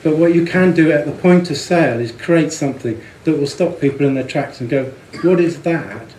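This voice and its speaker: A man's voice: a little high, a little fast, darkish tone, echoey room, a little hiss or hum, poor audio. Chatty man giving a talk. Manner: chatty, amused, repeats words while thinking. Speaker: speaker on branding and packaging. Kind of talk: presentation to an audience.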